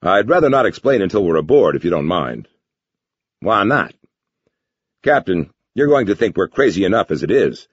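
A man voicing a brisk male army major giving firm, clipped instructions in a dull lo-fi recording. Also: low voice, very animated, breathy edge, no room sound, voice pushed up, exaggerated voice. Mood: urgent.

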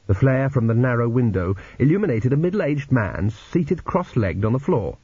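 Husky man narrating a story, lively. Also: mid-range voice, moderate pace, no room sound. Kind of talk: audiobook narration. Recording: dull lo-fi recording.

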